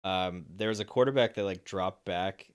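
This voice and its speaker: A man's voice: deep voice, normal speed, clear, resonant tone. A young man co-hosting a sports podcast, talking through games in a loose, rambling way. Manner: rambling, many fillers and restarts. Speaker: podcast co-host. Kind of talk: casual sports chat.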